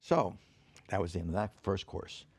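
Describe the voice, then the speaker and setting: Older guy spinning stories on a podcast, rough gravelly voice, dry close sound, swears a lot, voice jumps all over. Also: moderate pace, dry recording. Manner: animated, acts out quoted people with big pitch jumps; profane, laughing as he tells it. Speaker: podcast guest. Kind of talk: casual storytelling.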